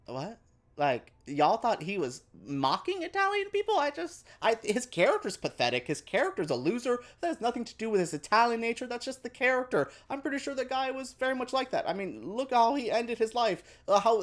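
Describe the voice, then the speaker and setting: A man giving a casual film review to camera, chatty and animated, with quick asides and playful exaggeration. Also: high voice.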